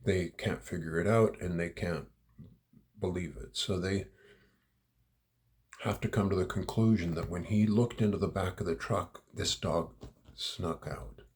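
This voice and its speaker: A deep, darkish voice carries this middle-aged man's rambling personal anecdote, delivered a little slowly and with frequent pauses. He tells it aloud like a storyteller, chuckling and repeating words as he goes.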